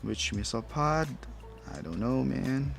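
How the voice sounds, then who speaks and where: Slow, gravelly-voiced man thinking aloud. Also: medium pitch, expressive, music in the background. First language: not English. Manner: rambling, thinks aloud, chuckles at himself. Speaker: toy reviewer. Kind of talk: casual unboxing commentary.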